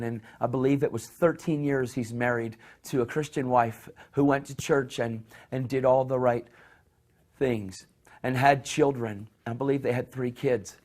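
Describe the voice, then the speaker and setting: Preaching with fervor, this mid-pitched man often circles back to restart or repeat a phrase. When he plays the people in his narrative, his voice goes quiet and hushed.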